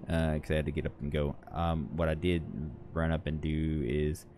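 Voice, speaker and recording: A man's voice: extremely low pitch, monotone, normal speed, a little mellow, slight background noise. A tired man giving rambling, chatty commentary over his own gameplay, often correcting himself as he goes. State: tired, yawning. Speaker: gaming channel host.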